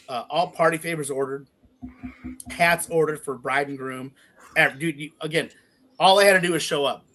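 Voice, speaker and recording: This man co-hosts a podcast, his voice fairly high in pitch with a fairly bright tone. In casual conversation he spins a long story, swearing freely and performing the quoted lines.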